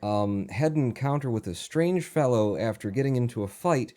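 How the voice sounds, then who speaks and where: A man's voice: medium pitch, expressive, moderate pace, warm tone. A man co-hosting a casual chat, rambling and giggling. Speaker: co-host.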